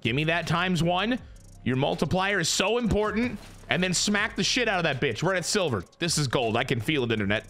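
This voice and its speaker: A young man giving casual, excitable gameplay commentary, swearing and mocking himself as he plays. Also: fairly high pitch, a little fast, soft background music. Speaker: gaming YouTuber.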